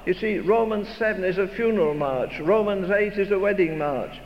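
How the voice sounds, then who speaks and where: In a reverberant hall, captured on a dull recording with faint noise, an older man preaches at normal speed in a high voice, his phrases emphatic, rhetorical and repeated.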